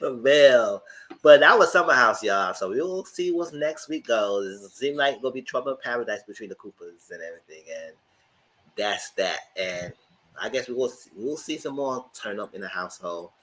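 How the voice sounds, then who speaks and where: Guy doing a live tv recap, chatty and slangy, jumps loud when he quotes people. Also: mid-range voice, moderate pace, poor audio. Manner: animated, slangy, bursts into loud mock quotes. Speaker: channel host, TV reviewer. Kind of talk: casual live TV review chat.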